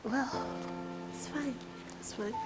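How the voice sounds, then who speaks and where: A woman's voice: sits high, slow, low-quality recording. A Nigerian woman in her forties, a reality show contestant, tearfully pouring out her hardships in a confessional. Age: 40s. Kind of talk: emotional confessional talk. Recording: music bed underneath.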